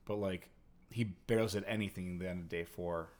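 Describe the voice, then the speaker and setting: A man's voice: low voice, fairly even intonation, brisk, darkish tone. A man casually retelling a story to a co-host, rambling with lots of fillers. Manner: rambling, heavy use of "like". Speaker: podcast co-host.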